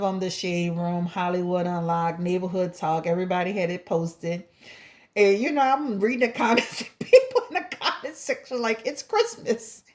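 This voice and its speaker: A woman hosting her own tarot channel, chatting in a lively, gossipy way with laughing asides. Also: medium pitch. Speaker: tarot reader and channel host. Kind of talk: casual gossip chat before a tarot reading.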